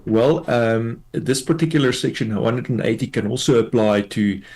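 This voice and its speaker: A man, a tax law expert, explains a court ruling in a measured way, with many fillers, in a radio news interview. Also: medium pitch, a little mellow.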